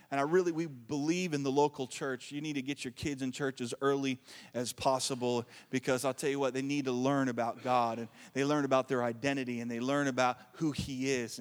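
A man's voice: medium pitch, in a large hall. A man preaching a sermon as pastor, reading scripture with joking asides and calling on the congregation to answer back. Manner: animated preacher, joking asides and call-and-response.

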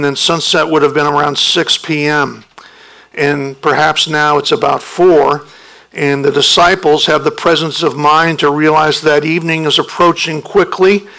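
A male pastor preaching at a slow, deliberate pace. His voice is bright and gravelly, and he turns emphatic when he acts out protests. It sounds like a sermon given from the pulpit. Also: on the high side, poor audio. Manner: emphatic, rising sharply when voicing the disciples' protests.

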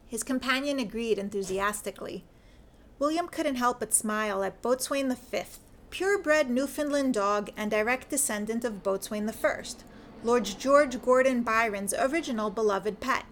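A woman narrating a fan fiction story in an even, measured reading voice. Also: on the high side, slight background noise.

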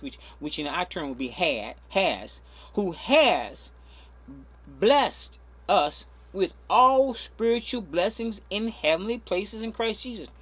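Male pastor delivering a sermon with an animated, husky voice that leans hard on each key phrase. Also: sits high. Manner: emphatic, stretching key words, frequent repeats.

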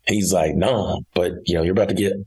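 A man's voice: sits low, steady tone, brisk, a little mellow, husky, rough recording. A young man from Arkansas, a college basketball coach telling his career story in a casual interview, often repeating and restarting his words. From Arkansas, United States.

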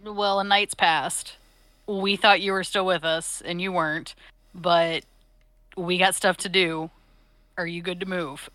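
A woman's voice: on the low side, steady tone, unhurried, a bit bright, dry recording. A woman speaking in character as a player in a tabletop game, easygoing. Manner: easygoing, laughing often. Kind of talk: in-character tabletop role-play.

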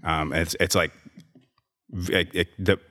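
A man with a very low, deep voice tells a long personal story in a casual interview. He rambles, restarts his sentences and slips in sarcastic asides. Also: little pitch movement, slow pace, sharp tone. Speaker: guest, gym owner and trainer.

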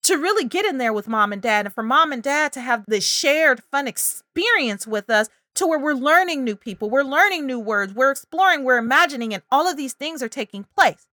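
A woman's voice: high-pitched, lively intonation, a little fast, hardly any pauses, pushed and bright, no echo, studio quality. A woman talking parents through early reading and language signs, acting out child and parent voices now and then. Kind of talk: parenting advice video.

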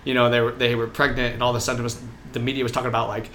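Young man, bright clear voice, casual podcast chat, filler-heavy, faint hiss behind. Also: mid-range voice, flat delivery, very fast, hardly any pauses. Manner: loose, filler-heavy talk with quoted voices. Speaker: podcast co-host.

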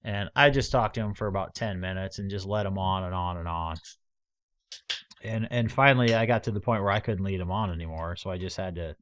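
A man's voice: deep voice, fairly quick, lo-fi sound. A man casually chatting and telling stories, acting out both sides of phone calls with scammers. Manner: animated storyteller, acts out both sides of calls. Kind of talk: casual storytelling chat.

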